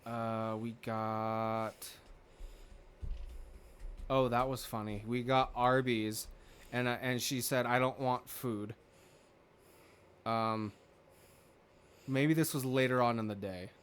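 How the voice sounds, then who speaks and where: A man's voice: mid-range voice, steady tone, slow pace, long pauses, fairly bright tone, clear, resonant tone. A man hosting a podcast, telling a rambling story in casual chat, swearing freely and acting out what people said. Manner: rambling, swears freely, acts out quoted dialogue. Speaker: podcast host.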